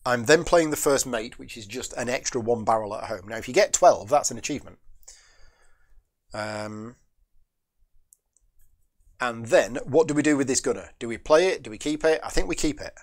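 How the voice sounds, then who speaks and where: A man's voice: mid-range voice, normal speed, pauses often. A man hosting a solo board game playthrough, thinking his moves through aloud, asking and answering his own questions, and chatting with viewers between moves. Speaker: board game channel host.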